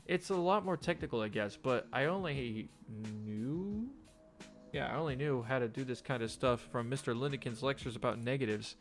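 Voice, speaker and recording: A man's voice: mid-range voice, normal speed, faint music behind. A young man casually reading a visual novel aloud, often stumbling and rereading lines. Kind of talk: let's play narration, reading game text.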